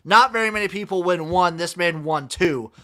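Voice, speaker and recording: Man, podcast host, wry deadpan, bright voice, slightly high. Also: moderate pace. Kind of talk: casual sports chat, reading scores.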